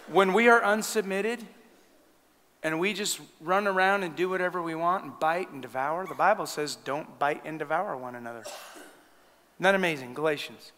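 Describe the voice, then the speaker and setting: Pastor type, bright and fairly high voice, lively storytelling sermon, church reverb. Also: male voice, slight background noise. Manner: animated storytelling, laughing at his own stories. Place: church sanctuary. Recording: long church hall reverb.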